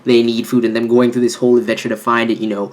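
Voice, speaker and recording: A man reviewing an anime episode with hyped, animated energy, swearing freely and jumping into exaggerated quoted reactions. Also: medium pitch, fast. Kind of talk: excited video review commentary.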